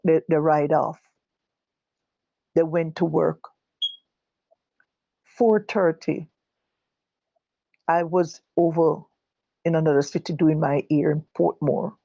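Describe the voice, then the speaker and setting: An older Jamaican woman giving personal testimony, halting and correcting herself as she recalls what others said. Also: deep voice, warm tone, no echo, dull audio. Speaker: guest telling her own story. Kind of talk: personal testimony told live.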